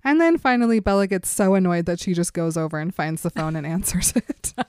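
A woman's voice: fairly low pitch, fairly quick, darkish tone, clean tone, no echo, studio quality. A woman co-hosting a podcast, casually retelling a book chapter in a giggly, playful way. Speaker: podcast co-host.

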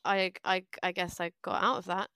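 Woman, British accent, guest, chatty storyteller, smooth voice, dry sound. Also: fairly low pitch, normal speed, no room sound. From Britain. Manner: chatty, storytelling with excited bursts. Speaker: podcast guest. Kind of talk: casual chat.

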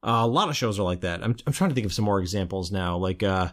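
A man's voice: low voice, animated, fast. A man co-hosting a podcast in a laid-back, rambling, casual way. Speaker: podcast co-host.

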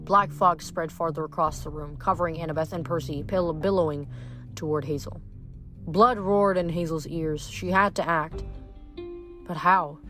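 A woman's voice: deep voice, steady tone, normal speed, a bit bright, faint music behind. A woman reading a novel aloud, stumbling and correcting herself, with chatty asides between chapters. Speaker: audiobook reader.

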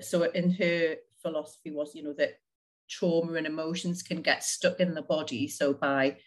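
A woman's voice: deep voice, fairly even intonation, moderate pace. Chatty woman telling a personal story. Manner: chatty, laughs often, many fillers like "like". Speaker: interview guest.

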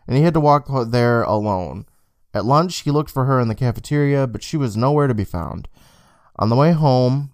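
Man reading a spooky story, lively. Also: no room sound, studio quality. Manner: lively, dramatic reading with wide pitch swings. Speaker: podcast host reading a book aloud.

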